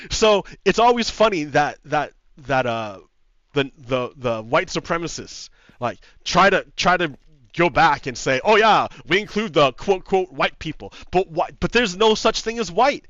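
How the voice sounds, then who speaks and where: A man with a fairly high voice rants over his gameplay, heated and profane, repeating himself and laughing as he goes. The sound is dry, with little room to it. The recording is a bit dull and lo-fi. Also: a bit bright, no room sound. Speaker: gaming video host. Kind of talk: casual ranting commentary over gameplay. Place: home setup with green screen.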